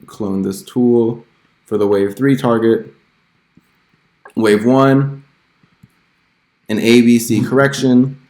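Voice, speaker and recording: A man's voice: medium pitch, steady tone, slow pace, long pauses, darkish tone, reverberant. A man hosting a stock trading channel, casually walking through chart analysis with many filler words. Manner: chatty, full of "you know" and "uh" fillers.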